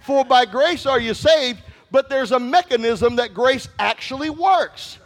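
A man preaching a sermon, repeating phrases, calling for responses and shouting the key lines. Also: extremely high pitch, a little slow. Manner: call-and-response, repetitive and emphatic, shouts at peaks.

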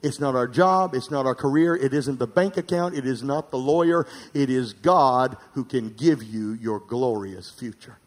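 A man preaching a sermon as pastor, calling for amens and swinging from emphatic, near-shouted peaks to quiet asides. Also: mid-range voice, moderate pace, hardly any pauses. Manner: calls for amens from the congregation.

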